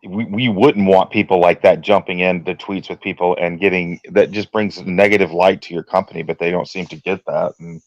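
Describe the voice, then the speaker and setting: A man's voice: low-pitched, steady tone, moderate pace, hardly any pauses, no room sound, dull audio. A man co-hosting a casual podcast chat, speaking emphatically as he agrees with a point. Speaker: podcast co-host.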